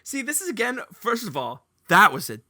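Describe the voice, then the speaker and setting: A young man hosting a casual podcast chat, telling stories with lively, laughing energy. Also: high voice, normal speed, dry recording, studio quality. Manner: animated storyteller, laughs while telling. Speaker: podcast host.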